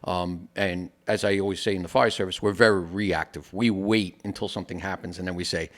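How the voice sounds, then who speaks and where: A man's voice: deep voice, steady tone, fairly quick. A man, a firefighter co-hosting a podcast, telling stories in casual conversation, acting out who said what and leaning on "you know" fillers. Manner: tells stories with quoted dialogue, many "you know" fillers. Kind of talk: casual interview storytelling.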